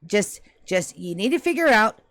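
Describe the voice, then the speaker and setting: A flustered centuries-old ghost, put on by a woman running a tabletop game, who stammers, rambles and keeps correcting itself. The voice sits at an ordinary middle pitch and sounds close and dry, with no room around it. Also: big pitch swings, moderate pace, fairly bright tone, dry recording. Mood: pleading. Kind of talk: tabletop game role-play.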